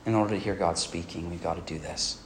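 A man's voice: sits low, fairly even intonation, quick pace, slight background noise. Earnest male pastor preaching. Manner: earnest, often asks "right?". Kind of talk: sermon.

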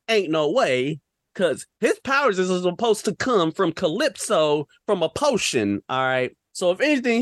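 A young man rants about films on a podcast, firing off rhetorical questions in casual slang. His pitch swoops up and down with a lot of life, and the close mic sounds dry with no room echo. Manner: animated, ranting, rhetorical questions, slang-heavy. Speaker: podcast co-host. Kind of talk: casual film-review rant.

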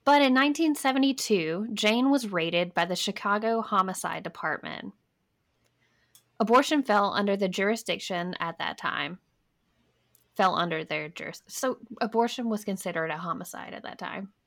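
A woman's voice: medium pitch, normal speed, a bit bright. A young woman co-hosting a podcast, reading history notes aloud in a casual way and stopping for wry asides. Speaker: podcast co-host.

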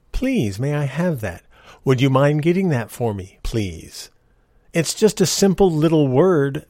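Middle-aged male podcast host, lively earnest ranter, dry close sound. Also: medium pitch, dry recording. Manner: ranting, earnest, animated. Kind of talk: casual monologue.

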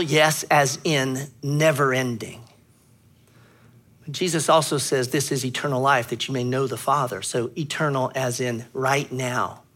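A man preaching a sermon as a pastor, teaching earnestly, clearing his throat often and pressing hard on key words. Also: mid-range voice, a bit bright.

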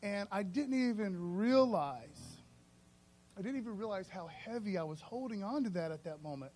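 A man preaching a sermon in a loose, conversational, storytelling way, often calling the listeners "man" and swinging between soft and loud. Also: high-pitched, animated, moderate pace, a little hiss or hum.

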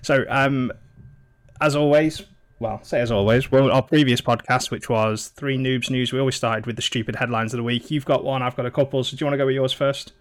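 A man's voice: medium pitch, steady tone, fairly quick. A man co-hosting a casual podcast, rambling and swearing, laughing often. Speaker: podcast co-host. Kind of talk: casual chat.

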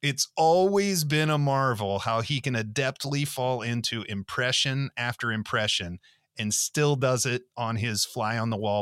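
A man's voice: mid-range voice, unhurried, over music. A man hosting a podcast, delivering grandiose introductions and asking interview questions. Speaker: podcast host.

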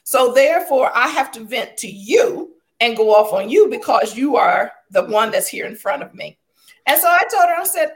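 A woman's voice: a little high, sing-song, moderate pace. A woman educator telling a story in a panel conversation, emphatic and repeating phrases for effect. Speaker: educator and former school improvement consultant.

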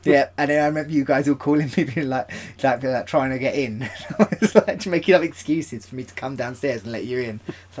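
A man's voice: mid-range voice, brisk. A young man co-hosting a podcast, telling stories in casual chat, laughing often and using lots of fillers. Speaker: podcast co-host.

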